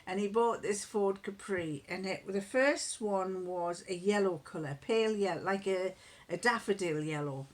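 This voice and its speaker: A middle-aged woman chatting on her crafting vlog, wandering from one family story to the next. She talks in loose, looping sentences full of restarts. She chuckles often as she goes, with a warm, easygoing storytelling manner. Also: mid-range voice, normal speed. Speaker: crafting vlogger. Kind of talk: casual chat.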